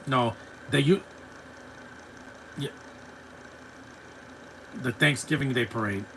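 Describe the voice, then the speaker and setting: A man's voice: medium pitch, slow, fairly bright tone, a little hiss or hum, rough recording. Chatty man reacting on a live stream. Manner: chatty, rambling, laughs easily, talks back to chat. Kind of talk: casual reaction commentary.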